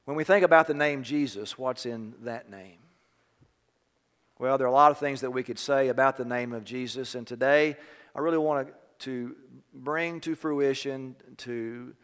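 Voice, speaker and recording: A man preaching a sermon, easing from a quiet personal story into emphatic preaching. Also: mid-range voice, moderate pace, clean tone, in a large hall. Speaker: pastor.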